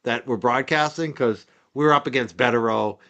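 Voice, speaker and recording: Male livestream host, North Shore Massachusetts accent, mid-pitched, loose and rambling delivery. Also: moderate pace, fairly bright tone. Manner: chatty and rambling, with frequent "uh" fillers. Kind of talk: casual livestream chat.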